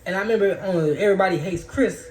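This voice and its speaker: A man's voice: high voice, quick pace, a little mellow. A man giving a loose, profane, preachy spiritual monologue in casual talk. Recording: roomy echo.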